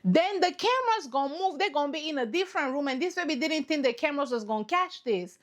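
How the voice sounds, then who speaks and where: A woman giving casual, animated reaction commentary on a reality show, playful and repeating points for effect. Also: sits high, quick pace. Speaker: reaction vlogger.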